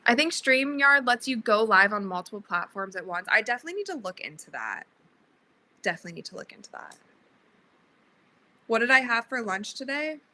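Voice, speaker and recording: Young woman chatting on a livestream, crisp bright voice, kinda sleepy, laughs a lot. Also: on the high side, big pitch swings, brisk, hardly any pauses, poor audio. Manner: chatty, reads viewer comments aloud, laughs often. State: sleepy, yawning. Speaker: livestream host. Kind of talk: casual livestream chat.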